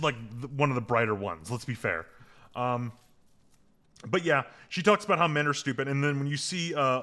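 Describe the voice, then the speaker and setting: A man co-hosting a podcast, talking casually with lots of fillers and getting heated as he picks apart a TV episode. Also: medium pitch. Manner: rambling, filler-heavy, gets heated and animated. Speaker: podcast co-host. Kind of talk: casual chat recapping a TV episode.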